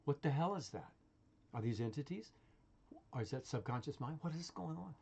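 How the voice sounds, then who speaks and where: A man's voice: on the high side, expressive, normal speed, creaky, a little mellow, breathy edge. A man talking in a casual, rambling monologue, full of swearing, laughter and restarts. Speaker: vlogger.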